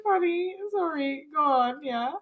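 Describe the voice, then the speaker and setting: A young woman co-hosting a podcast, reacting in an animated way with slang and a lot of laughter. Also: high voice, a little slow, narrow, tinny audio. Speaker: podcast co-host. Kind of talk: casual chat.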